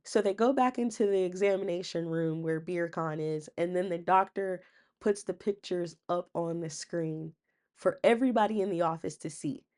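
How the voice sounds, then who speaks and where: Young female recap host, slightly low voice, casual and sassy with slangy asides. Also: a little mellow.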